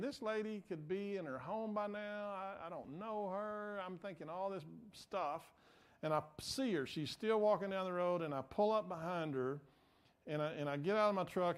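A male pastor, telling a story in a conversational, self-deprecating sermon. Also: fairly high pitch. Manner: conversational, self-deprecating, acts out quoted voices.

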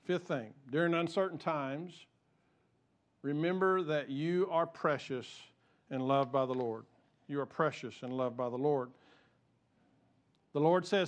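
A man's voice: fairly high pitch, normal speed, a bit bright. A man preaching a sermon in an earnest, conversational way, often restarting his sentences. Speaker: pastor.

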